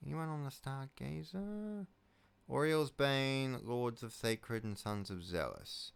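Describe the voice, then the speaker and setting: Kiwi male gamer, unhurried, clean resonant voice, muttering play-by-play with sweary outbursts. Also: medium pitch, expressive, vocal fry, clear, resonant tone. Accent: New Zealand. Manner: mutters to himself, swears loudly when things go wrong. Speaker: video game let's player. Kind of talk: casual gameplay commentary.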